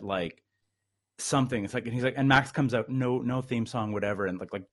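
A man's voice: medium pitch, fairly quick. A man telling a long story in casual chat, rambling with lots of fillers.

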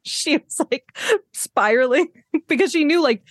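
A woman hosting a casual podcast chat, telling animated stories and acting out what people said, often laughing as she goes. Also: high voice, a little slow, dry recording, clean studio sound. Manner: animated storyteller, acts out quotes with laughs. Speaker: podcast host.

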